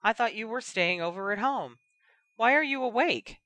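A reader putting on a bossy teenage witch with a bright, clipped voice, pitched a little higher than the narration and full of demanding questions. She sounds suspicious and quick to scold, recorded close and dry with no room sound. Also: lively intonation, dry recording. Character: young woman, sharp and bossy teen witch.

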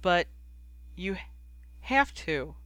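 A man's voice: high-pitched, expressive, a little slow, a bit bright, no room sound, full character voice. A man voicing a determined young witch who pleads through tears. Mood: pleading.

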